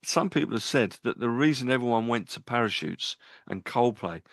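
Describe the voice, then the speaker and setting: A man's voice: medium pitch, lively intonation, moderate pace, no room sound. A man co-hosting a live radio music show, chatting casually and reeling off chart facts. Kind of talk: casual chat about albums. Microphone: studio mic.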